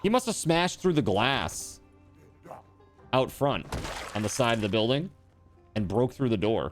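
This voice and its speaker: A man's voice: medium pitch, sing-song, unhurried, soft background music. A man streaming a video game, chatting casually and teasingly with his viewers as he plays. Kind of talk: casual chat while gaming on stream.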